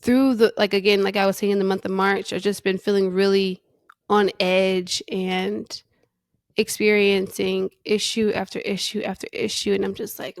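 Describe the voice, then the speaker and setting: A woman hosting a faith podcast, speaking candidly and emotionally about her struggles, close to tears, with restarts and soft laughs. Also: medium pitch, level tone, normal speed, dry recording. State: near tears. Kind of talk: personal reflective monologue.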